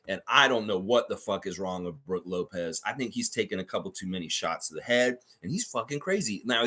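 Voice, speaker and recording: Male livestream host, swings his pitch widely, husky voice, profane, heated and mocking. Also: a bit bright. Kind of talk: ranting fan reaction livestream.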